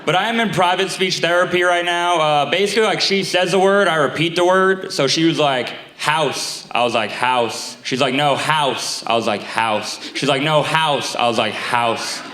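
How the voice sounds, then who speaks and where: A man's voice: on the high side, quick pace, few pauses, sharp tone, roomy sound, slight background noise. A young male comedian with a noticeable lisp and a slightly raised voice works through a stand-up set. His delivery is loose and conversational, checking in with the crowd as he goes. The sound carries the roominess of a live theater. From Staten Island. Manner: conversational, self-deprecating delivery with asides to the crowd. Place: theater stage before a live audience.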